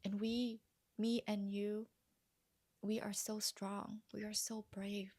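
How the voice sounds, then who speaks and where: A woman coach speaking earnestly and gently to her viewers, often dropping to a soft near-whisper. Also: mid-range voice, little pitch movement, takes it slowly. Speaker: vlogger and healing coach. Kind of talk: heartfelt personal talk to camera.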